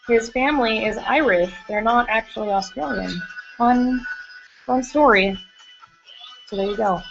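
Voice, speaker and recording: A woman's voice: a little high, fairly bright tone. A woman live-streaming from her home studio, chatting casually and gushing as she answers viewers while she works. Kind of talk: casual chat while working. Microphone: computer mic on a livestream. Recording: muffled lo-fi stream audio, faint music.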